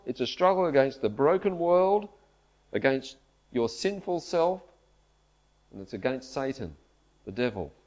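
A man delivers a sermon at a church camp in a mid-range voice. He speaks earnestly and at a measured pace, and he leans into the scripture he quotes. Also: medium pitch, a little mellow. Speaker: preacher. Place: church camp meeting hall.

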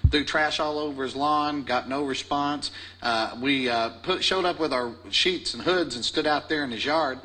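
Man, folksy rambling storyteller, bright slightly high voice. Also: moderate pace, poor audio. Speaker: interviewee. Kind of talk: storytelling interview.

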